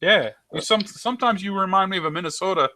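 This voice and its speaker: A man's voice: sits high, fast, sharp tone, no echo. A man with a Western US accent in a casual group voice chat, laid-back and curious.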